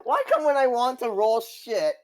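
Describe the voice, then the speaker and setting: A man's voice: very high voice, animated, normal speed, dry recording. A man playing in a tabletop game, chatting casually and joking about his dice rolls. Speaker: player.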